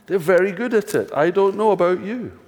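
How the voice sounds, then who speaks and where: Older scottish guy preaching, lively up and down voice, lots of "do you know what i mean", echoey church. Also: high voice, fairly quick. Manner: conversational, rhetorical questions, dry self-mocking humour. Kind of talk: sermon. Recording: long reverb of a church hall.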